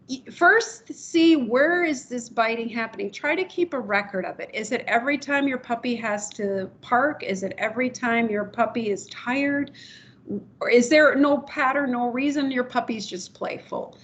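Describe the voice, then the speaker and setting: A woman's voice: fairly high pitch, a bit bright. A woman hosting a video call webinar, giving chatty, practical advice to puppy raisers. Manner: chatty, acts out people's voices when explaining. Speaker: puppy development staff host. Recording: muffled video call audio.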